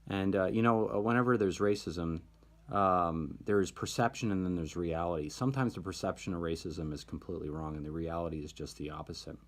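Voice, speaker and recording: A man's voice: low-pitched, brisk. A man hosting his own video channel, telling a personal story in a casual, hesitant monologue full of fillers. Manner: hesitant, many fillers and restarts. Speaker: video host.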